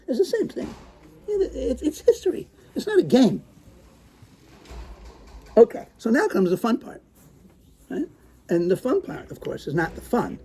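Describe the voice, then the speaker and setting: A man teaching a lesson, using Hebrew terms and acting out his stories, moving from hushed tones to excited outbursts. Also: very high-pitched, brisk, long pauses, slight background noise. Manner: animated, swings from hushed to excited. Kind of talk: lecture with acted storytelling.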